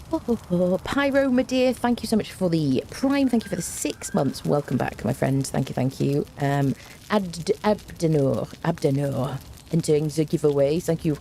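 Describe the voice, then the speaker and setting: A young woman streams a game and chats casually with viewers, greeting them by name and using plenty of fillers. Her voice sits low with a dark tone, and a little hiss or hum is audible.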